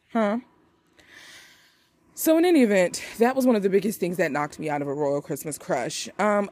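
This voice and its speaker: A woman hosting a movie review podcast, chatting casually and animatedly with playful wordplay. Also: medium pitch. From United States. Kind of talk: casual chat.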